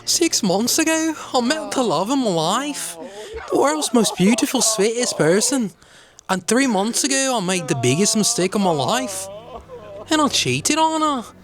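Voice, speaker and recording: A man's voice: very high-pitched, big pitch swings, a little slow, a crowd in the background, voice pushed up, exaggerated voice. A man putting on an accent to play an emotional male athlete confessing on camera, with a trembling, strained voice. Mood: tearful. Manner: put-on accent, trying to sound emotional.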